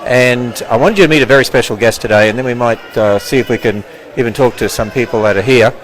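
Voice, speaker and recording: A man's voice: medium pitch, fast talker, low-quality recording. An Australian man hosting a live interview in a gift shop, playful and joking, stumbling over names. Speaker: host, ministry president. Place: gift shop under a large exhibit.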